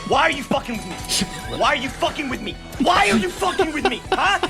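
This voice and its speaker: A frantic young head chef losing it, yelling orders, voice cracking gravelly over loud music. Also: male voice, extremely high pitch, very animated, fairly quick, heavily acted. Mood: furious. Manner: screaming, swearing, barking orders. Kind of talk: TV drama acting.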